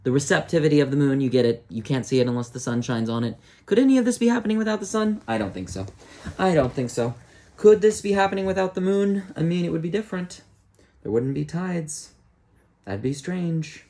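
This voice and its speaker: A man's voice: a little high, animated, brisk, dark tone. A young man, an astrologer, chatting casually on a live stream, rambling and joking to himself as he reads a chart. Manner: rambling, self-talking, jokey.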